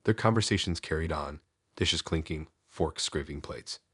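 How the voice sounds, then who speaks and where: A man with an extremely deep, husky voice reads a first-person horror story slowly and somberly. The sound is dry and close, with no room around it. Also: fairly bright tone, no echo. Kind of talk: scripted first-person narration.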